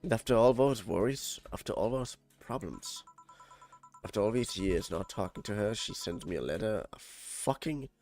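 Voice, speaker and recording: A man's voice: lowish voice, expressive, moderate pace, darkish tone, faint music behind. A man with a German accent reading game dialogue aloud on a stream, tripping over words and swearing when annoyed.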